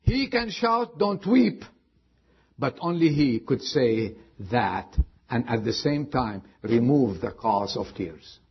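A man preaching a sermon with emphatic delivery and long dramatic pauses. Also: medium pitch, big pitch swings, husky. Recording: dull lo-fi sound.

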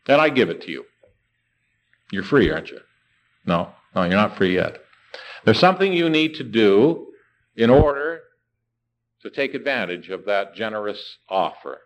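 A man preaching a sermon with a lively, rising and falling pitch. He keeps asking rhetorical questions and slows right down to stress the key words. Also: muffled recording.

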